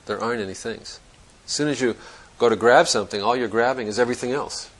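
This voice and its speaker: A man's voice: mid-range voice, fast, fairly bright tone, rough recording. A man giving a Zen dharma talk to students, thinking aloud in a reflective, conversational way and often restarting his sentences. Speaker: Zen teacher.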